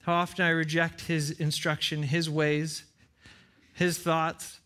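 A man's voice: fairly high pitch, monotone, takes it slowly, sharp tone. Earnest man preaching a sermon. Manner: earnest, repeats phrases for emphasis, acts out little dialogues. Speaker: pastor. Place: church with side screens.

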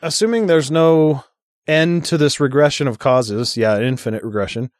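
A man's voice: medium pitch, normal speed, no room sound, studio quality. A man co-hosting a casual podcast chat, reading out an argument and adding sarcastic, profane asides. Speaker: podcast co-host.

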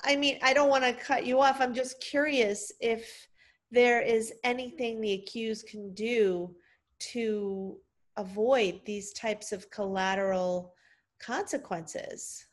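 A woman's voice: a little high, steady tone, takes it slowly. A woman co-hosting a podcast, asking curious questions with hesitant restarts. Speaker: co-host. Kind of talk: conversational podcast talk.

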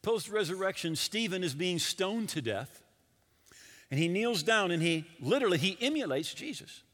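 A male pastor preaching a sermon in an animated way, asking his listeners questions directly. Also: high voice, normal speed. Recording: long hall reverb.

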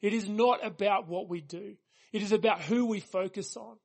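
A pastor preaching a sermon, earnest and emphatic, leaning on repeated phrases for weight. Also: male voice, high-pitched, moderate pace, gravelly.

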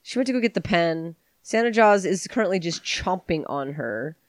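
A woman's voice: fairly low pitch, expressive, normal speed, no echo. A woman co-hosting a podcast, giving a sarcastic, profanity-laced play-by-play of a movie in casual chat. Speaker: podcast co-host.

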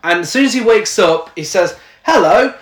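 A man's voice: high-pitched, fairly quick, distant mic. A man co-hosting a podcast, dryly recapping a film's plot and laughing along. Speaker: podcast co-host. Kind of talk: casual film review chat. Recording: roomy echo.

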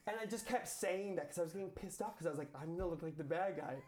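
A young man, a guest on a chat show, telling a story in a chatty way with lots of "like" and quick restarts. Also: sits high, very noisy. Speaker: former cast member, guest.

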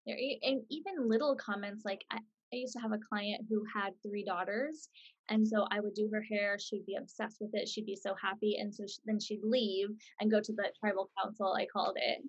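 A woman hosting a casual chat, talking in a relaxed way full of "like"s and "you know"s. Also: medium pitch, fairly quick, slightly rough, lo-fi sound.

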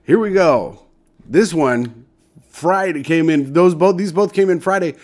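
A man's voice: fairly high pitch, darkish tone. A young man co-hosting a podcast, joking loosely and swearing in casual banter. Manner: jokey, loose, swearing, quick laughs. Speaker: podcast co-host.

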